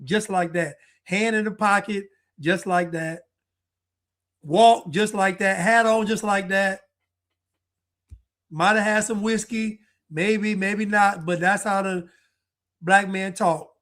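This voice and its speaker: A man's voice: high voice, steady tone, takes it slowly, fairly bright tone. A man giving casual live-stream commentary who thanks viewers and muses aloud, often trailing off and starting over. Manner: chatty, musing, trails off and restarts. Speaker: livestream commentator.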